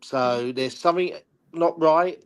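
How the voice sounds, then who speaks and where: Halting older man, former player. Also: on the high side, clean tone. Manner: halting, repeats words, frustrated. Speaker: guest pundit, former player. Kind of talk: casual football discussion.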